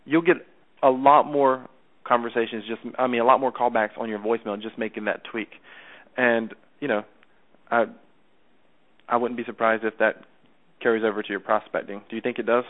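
Man, sales coach, chatty, repeats himself, mid pitch, tinny phone line. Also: fairly even intonation, normal speed, pauses often. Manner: chatty, repeats himself, asks to check understanding.

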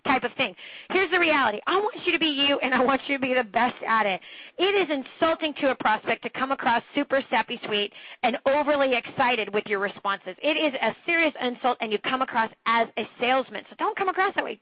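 A woman's voice: high-pitched, no echo, dull audio. A woman coaching listeners on a training call, talking emphatically and slipping into mocking impressions. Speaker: sales trainer. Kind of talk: motivational training talk on a group call.

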